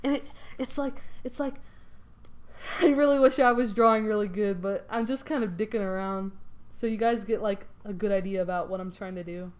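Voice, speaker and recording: A woman casually telling a long dream story while she doodles, rambling with many fillers and growing excitable. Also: medium pitch, normal speed. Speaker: streamer.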